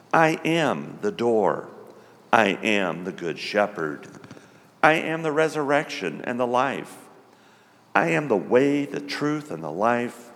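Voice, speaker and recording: Male preacher, measured sermon delivery with animated pitch, reverberant church sound. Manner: slow, emphatic, lively pitch.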